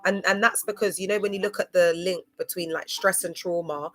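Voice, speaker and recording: A woman's voice: fairly low pitch, steady tone, brisk, soft background music. A woman talking to livestream viewers in a loose, slangy, digressive way, drifting between topics. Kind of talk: rambling livestream talk to viewers.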